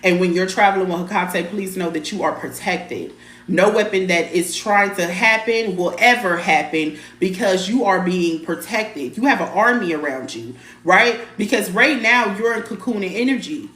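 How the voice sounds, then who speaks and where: Speaking at a moderate pace with a fairly low pitch and fairly bright tone, a woman runs a live spiritual stream from a roomy-sounding space. She greets viewers by name, keeps repeating her points and phrases, and stays blunt and emphatic, with some mild cursing in her casual talk.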